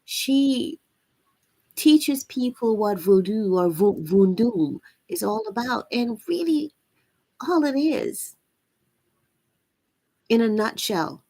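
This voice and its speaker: A woman hosting a live-streamed spiritual talk, with a raspy voice and an earnest, preachy manner that repeats phrases for emphasis. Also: fairly high pitch, animated, slow pace, long pauses, dark tone, no echo. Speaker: channel host.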